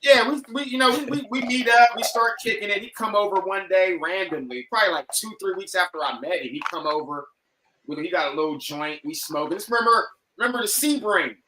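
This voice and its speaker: A man on a podcast telling a story casually, animated and profane, acting out what people said. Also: sits high, a little fast, noisy background. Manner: animated, profane, acts out quoted lines. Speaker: podcast guest.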